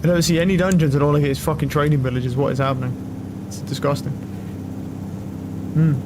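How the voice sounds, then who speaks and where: A young man streaming a game, talking loudly and excitably with lots of swearing to his chat and a friend. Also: a little high, fast, heavy background noise. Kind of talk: casual live-stream commentary. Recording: game music loud behind voice. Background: game music.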